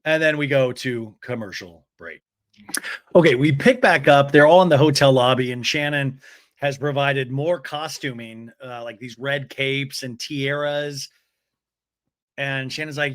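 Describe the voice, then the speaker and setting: A man hosting a comedic recap, animated, slipping into high campy impressions of the people he retells. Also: normal speed, dry recording, clean studio sound. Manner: animated, mimics cast members in high campy voices. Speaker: podcast host recapping reality TV.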